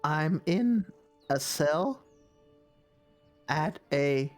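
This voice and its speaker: A player voicing a frightened male captive hiding in a cell, in a low, raspy, halting voice. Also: animated, soft background music. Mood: scared. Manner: hesitant, halting.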